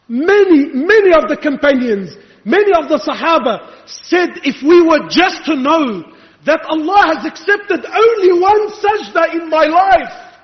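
A man's voice: extremely high pitch, animated, unhurried. A male preacher giving an impassioned, rhetorical sermon, challenging his listeners. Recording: echoey hall, dull lo-fi sound.

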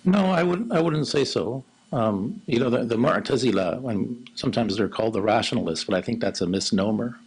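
A man giving an Islamic lecture in a low monotone, then taking audience questions. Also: fairly quick, hardly any pauses, husky, rough recording. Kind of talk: religious lecture with Q&A.

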